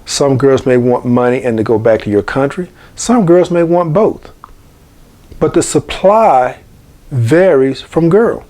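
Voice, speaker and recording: Middle-aged man, host monologue, preachy and repetitive, warm dark tone. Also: medium pitch, lively intonation, unhurried. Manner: preachy, repeats key phrases. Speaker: channel host. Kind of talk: monologue to camera.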